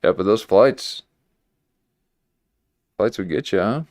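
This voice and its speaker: A man commenting on a livestream, musing slowly and hesitantly with many fillers and restarts. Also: lowish voice, darkish tone, no echo, studio quality.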